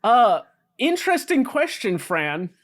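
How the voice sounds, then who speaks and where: A man's voice: very high voice, very animated, unhurried, a bit bright. A man co-hosting a casual podcast, retelling a story with many fillers and restarts. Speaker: podcast co-host explaining the story. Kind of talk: casual chat.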